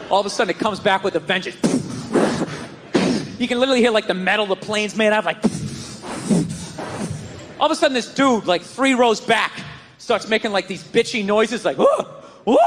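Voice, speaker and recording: Man, stand-up comic, very high voice, shouting rants, live crowd and hiss behind. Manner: loud ranting delivery, often shouting, with voiced characters. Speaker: stand-up comedian. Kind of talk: stand-up routine. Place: comedy stage before a live audience. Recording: live club recording with crowd and noise.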